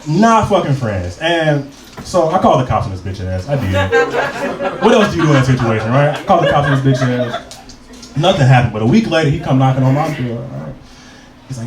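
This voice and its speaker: Young male stand-up comic, profane storyteller, banters with the crowd, heard from a distance over a loud audience. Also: mid-range voice, huge pitch swings, normal speed. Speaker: stand-up comedian. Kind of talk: stand-up comedy set. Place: comedy club stage. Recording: roomy live club sound from a distance with crowd.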